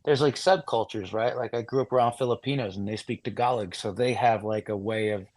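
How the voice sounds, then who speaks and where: A man guest on a casual podcast, talking in an animated way, swearing freely and filling with "like.". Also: fairly low pitch, fairly quick, dry recording. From Northern California. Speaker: actor guest.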